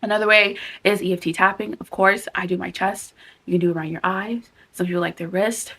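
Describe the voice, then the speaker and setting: Young adult woman, self-help vlogger. Earnest, candid, animated delivery. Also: fairly low pitch, fairly quick, a little hiss or hum. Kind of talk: casual self-help talk to camera.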